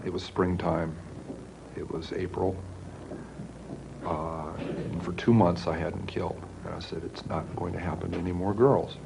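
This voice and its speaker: A man from the United States speaking slowly and haltingly in a recorded interview. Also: low-pitched, flat delivery, vocal fry, background noise. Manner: slow, halting, measured.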